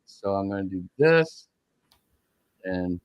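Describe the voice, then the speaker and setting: A man's voice: sits low, animated, clean tone, muffled recording. A man hosting a live stream, chatting casually and rambling as he fiddles with his setup. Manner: rambling, halting, laughs while fiddling with tech. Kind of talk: casual chat.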